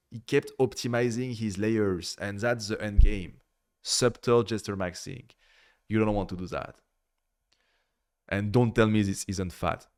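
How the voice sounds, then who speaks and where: A man's voice: lowish voice, smooth. A man giving blunt, critical reaction commentary in a casual way, swearing freely. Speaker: video reviewer.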